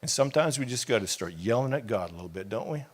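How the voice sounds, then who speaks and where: A man's voice: mid-range voice, expressive, quick pace. A middle-aged man, a pastor, preaching a sermon with impassioned, conversational delivery and casual asides.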